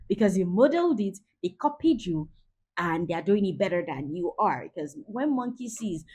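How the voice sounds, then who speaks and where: A woman in her forties giving a lively parenting talk, acting out everyday scenes as she coaches. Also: mid-range voice, slightly rough. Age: 40s. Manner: lively, acts out scenes with quoted voices.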